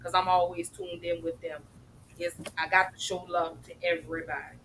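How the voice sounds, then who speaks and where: A woman hosts a casual live mental health show, chatty and effusive as she greets viewers. Her voice is bright and forward. A faint hum of background noise sits behind it. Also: lowish voice, flat delivery, moderate pace, rough recording. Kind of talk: casual live-stream chat.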